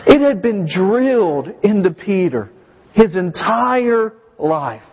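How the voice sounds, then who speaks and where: A pastor in his thirties preaches with a notably high, light voice, pressing his listeners with emphatic questions. The sound rings with long reverb through a church hall, and the recording itself is somewhat dull and muffled. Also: very animated, takes it slowly, breathy edge. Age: 30s. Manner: emphatic, asks the congregation questions. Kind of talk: sermon.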